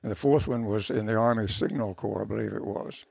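Gravelly older man recalling old times. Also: on the low side, darkish tone, no room sound. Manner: rambling, unhurried recollection with restarts. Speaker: interview guest, country musician. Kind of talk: casual storytelling interview.

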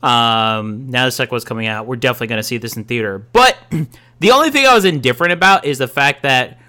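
A young married man co-hosting a podcast, talking with enthusiasm but halting often with ums and restarts. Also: medium pitch, animated, sharp tone. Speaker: podcast co-host. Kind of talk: casual chat.

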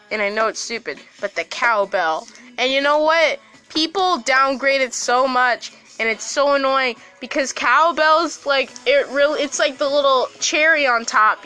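A young woman hosting a casual podcast chat, swearing often and laughing loudly. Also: high-pitched. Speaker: podcast host.

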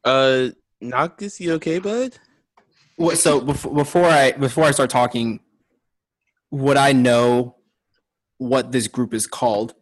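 A man's voice: medium pitch, slow pace, long pauses. A man playing a tabletop game, talking in a laid-back, joking way. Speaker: player. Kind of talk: casual tabletop play.

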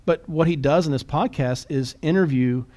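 Chatty, quick-talking male podcast host. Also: on the high side. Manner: chatty, restarts and repeats words; animated and quick. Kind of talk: casual podcast chat.

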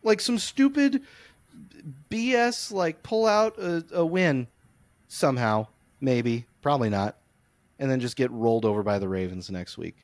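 A man's voice: medium pitch, moderate pace, dry recording. A young man co-hosting a podcast, telling a long comic story and ranting in casual chat. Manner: animated, comic storytelling, rants. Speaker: podcast co-host.

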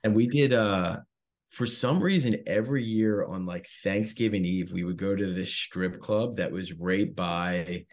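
A man's voice: deep voice, measured pace. A young man from South Jersey telling a rambling, profane story in casual chat. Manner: swearing freely, animated storytelling. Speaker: comedian guest.

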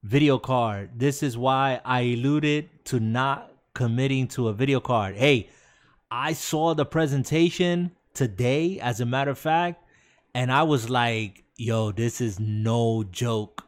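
Slow, laid-back male podcast host. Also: medium pitch. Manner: laid-back, slow-talking, reads chat aloud. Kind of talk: casual live-stream chat.

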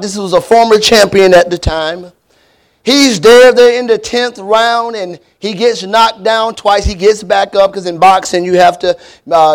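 A man preaching a sermon to his church, with frequent filler words and calls for amen, then leading a prayer. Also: high-pitched. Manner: preaching with many fillers and call-and-response to the church; prays with repeated invocations. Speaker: pastor.

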